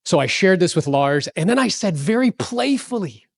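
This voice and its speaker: A man's voice: a little high, moderate pace, gravelly, no room sound. Upbeat man in his forties, storytelling speaker who quizzes the crowd, dry close mic. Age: 40s. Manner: energetic, storytelling, asks the audience questions. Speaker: real estate speaker. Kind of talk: motivational talk to a live audience.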